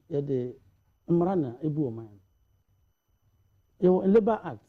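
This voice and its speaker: A man's voice: fairly high pitch, narrow, tinny audio. A man with a Ghanaian accent, a panelist in a studio discussion, talking animatedly and switching between Twi and English.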